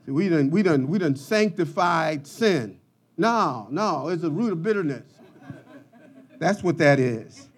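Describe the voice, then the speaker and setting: A man preaching a sermon, swinging from quiet, low asides to loud, shouted passages. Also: animated, a little slow, husky. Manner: preaching with rising shouts and dramatic swings in volume. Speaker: pastor.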